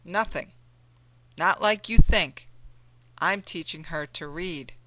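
A reader voicing a man who escaped slavery, speaking low, steady and plain. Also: slow pace, no room sound, full character voice, low-quality recording. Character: calm escaped slave man, quiet resolve.

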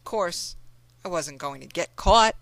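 A reader voicing a man who escaped slavery, speaking low, steady and plain. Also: slow, gravelly, dry recording, full character voice, low-quality recording. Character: calm escaped slave man, quiet resolve.

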